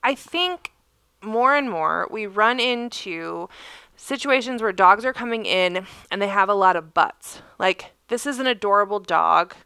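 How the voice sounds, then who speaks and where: Bright, chatty woman podcast co-host. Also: mid-range voice, expressive, unhurried, clean tone, no echo. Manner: chatty storyteller, laughs often. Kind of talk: casual chat.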